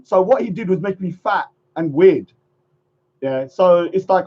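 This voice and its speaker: A man's voice: sits high, expressive, moderate pace, darkish tone, slightly rough. A man hosting a casual livestream chat, rambling loosely and repeating phrases, chuckling often. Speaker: livestream host. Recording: muffled lo-fi stream audio.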